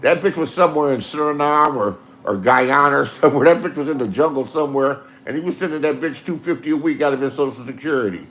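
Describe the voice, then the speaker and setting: Profane, animated Los storyteller man. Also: on the high side, quick pace, few pauses, slight background noise. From Inglewood, Los Angeles. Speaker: host telling stories. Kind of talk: casual storytelling.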